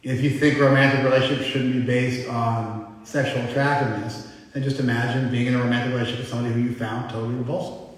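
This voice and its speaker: A man's voice: mid-range voice, level tone, quick pace. Middle-aged guy teaching a spiritual class, blunt and chatty, asks the room questions, mic kinda far off, echoey hall. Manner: blunt, conversational, quizzes the audience. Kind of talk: informal lecture to a class. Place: large hall with a live audience.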